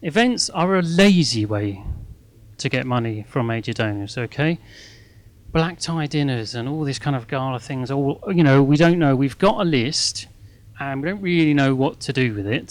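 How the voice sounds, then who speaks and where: Animated and medium-pitched, a middle-aged man speaks at normal speed to a live audience as a guest at a fundraising masterclass; there's no echo. He keeps things chatty, pokes fun at himself, and often asks "okay?".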